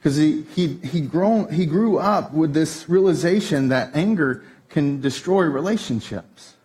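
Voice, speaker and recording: A man preaching a sermon, telling a family story with lively shifts up into a tense, excited delivery. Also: measured pace. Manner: animated storytelling, voice jumps high when telling the tense part. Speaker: pastor. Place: church stage.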